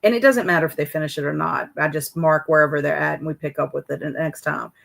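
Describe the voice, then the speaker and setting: A woman's voice: sits low, quick pace, vocal fry, fairly bright tone. A middle-aged woman, chatting casually with viewers on her livestream and telling stories from teaching. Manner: chatty, reads out viewer comments. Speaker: host of a livestream.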